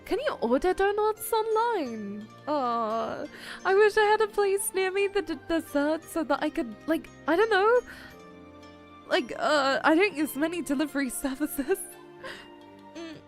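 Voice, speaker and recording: Brief: young woman streamer, bubbly, way up high in pitch, swoops all over, giggly and playfully dramatic. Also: animated, a little slow, faint music behind. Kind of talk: casual livestream chat.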